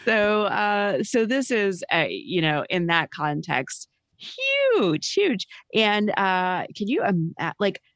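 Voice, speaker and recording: A woman co-hosting a casual political chat show, wry and unhurried, often trailing off with fillers. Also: medium pitch, expressive, fairly bright tone, clean tone, no room sound. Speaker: podcast co-host.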